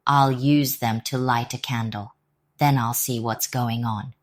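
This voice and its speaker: A woman's voice: a bass voice, steady tone, unhurried, no room sound, clean studio sound, pitched below the performer's own voice. A woman voicing a timid little male robber in a storybook, nervous and out of breath. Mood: scheming. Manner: nervous and panting.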